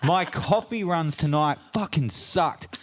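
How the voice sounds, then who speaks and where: A man's voice: on the high side, slow, background noise. An Australian man co-hosting a casual podcast, a sweary, rambling storyteller who often laughs. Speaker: podcast co-host.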